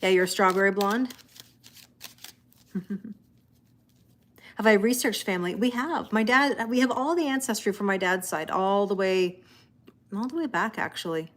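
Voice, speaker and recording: A chatty Canadian woman hosts a tarot livestream and talks with her viewers. She speaks at a middle pitch with a Canadian accent, greets people by name, and reads their comments aloud in easy, casual chat. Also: expressive, normal speed, pauses often, a bit bright. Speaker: tarot reader hosting a livestream.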